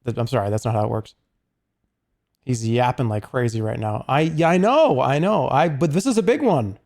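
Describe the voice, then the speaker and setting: Gravelly, rambling male streamer. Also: mid-range voice, expressive, normal speed, darkish tone. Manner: rambling and chatty, with many restarts and asides. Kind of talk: casual stream commentary.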